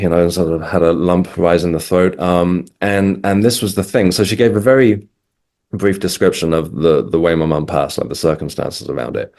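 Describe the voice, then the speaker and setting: A man's voice: low voice, a little mellow. A middle-aged man from England, a guest in a casual interview, recounting events with frequent hesitations and restarts. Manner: hesitant, restarts, many ums.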